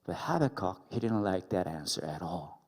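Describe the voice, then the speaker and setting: Male pastor, playful sermon, low voice, gravelly, long hall reverb. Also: lively intonation, moderate pace. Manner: playful, jokes with the congregation. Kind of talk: sermon with storytelling. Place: church worship hall.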